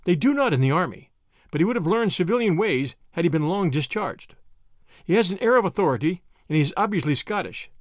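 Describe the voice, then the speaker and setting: A man voicing an older male surgeon who quizzes a patient in quick, probing questions to show his students how he reads people. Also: lively intonation, no echo, studio quality. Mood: explanatory. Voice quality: high, discordant voice.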